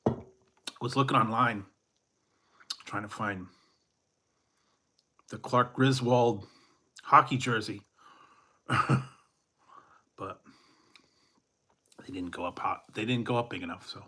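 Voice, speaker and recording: Male streamer, casual and rambling, bright crisp tone, playful. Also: medium pitch, takes it slowly, long pauses. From Central California. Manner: rambling, chuckling, plays up a mock Canadian eh. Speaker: food review streamer. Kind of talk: casual live-stream chat.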